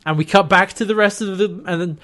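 A man's voice: sits high, fairly quick, fairly bright tone. A man co-hosting a podcast, casually recapping a TV episode and acting out lines from it. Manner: acts out quoted lines from the episode. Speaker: podcast co-host.

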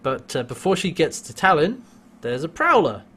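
A man co-hosting a casual show, recapping a TV episode with frequent laughs and quick acted-out character lines. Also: on the high side, very animated, bright, forceful tone, slightly rough. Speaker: podcast co-host.

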